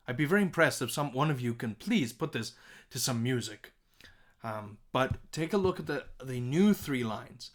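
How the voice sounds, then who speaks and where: A man's voice: medium pitch, animated, moderate pace. A man teaching a recorded music composition lesson, talking in a friendly, chatty way with fillers.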